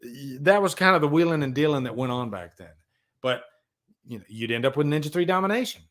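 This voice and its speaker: A man hosting a casual livestream, rambling and animated as he tells stories and reads out chat. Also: a little high, fairly quick. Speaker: livestream host.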